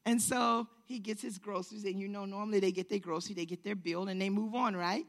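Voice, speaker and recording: A woman telling a story to an audience, acting out the people she quotes and rising to shouts at times. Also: mid-range voice, fairly even intonation, fast.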